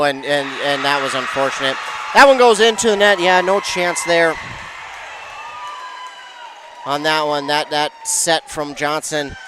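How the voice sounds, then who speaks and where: Excitable man calling volleyball. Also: on the high side, noisy background. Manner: excitable, rising to shouts on big plays. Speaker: play-by-play commentator. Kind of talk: live high school volleyball commentary.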